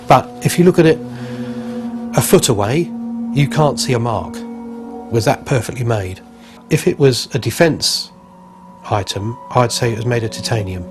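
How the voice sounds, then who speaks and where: A man with a London accent, giving a rambling, earnest first-person account as a witness. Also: medium pitch. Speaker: UFO witness.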